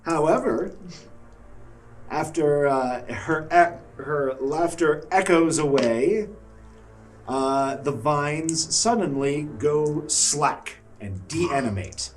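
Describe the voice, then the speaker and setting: Lively man narrating as game master. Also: on the high side, slow pace, far from the mic, faint music behind.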